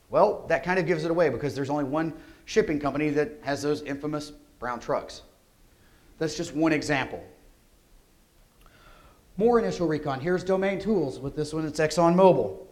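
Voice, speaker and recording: A man giving a security conference talk, energetic and conversational, often asking rhetorical questions. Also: a little high, normal speed, pauses often. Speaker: conference speaker. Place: conference hall.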